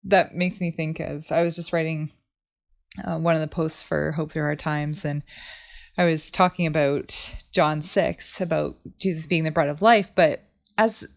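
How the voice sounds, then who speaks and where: A woman co-hosting a faith podcast, calmly explaining her thoughts with examples. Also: low-pitched, vocal fry. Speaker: podcast co-host. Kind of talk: casual faith podcast chat.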